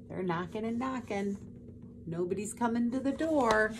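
A woman's voice: a little high, lively intonation, normal speed, background noise. A woman hosting a children's story time, reading a picture book aloud with chatty asides to young viewers. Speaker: storyteller host.

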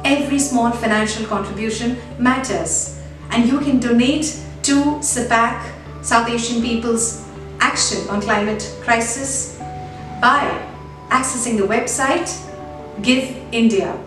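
A woman narrating a fable and an appeal in an earnest, measured storytelling way. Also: a little high. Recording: very echoey, distant, with faint music.

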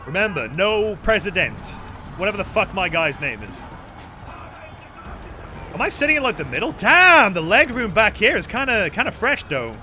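A man's voice: sits high, big pitch swings, moderate pace, pauses often, bright, forceful tone, a little hiss or hum. A young man streaming a video game with rambling, joking, profane commentary. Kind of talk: casual gameplay commentary.

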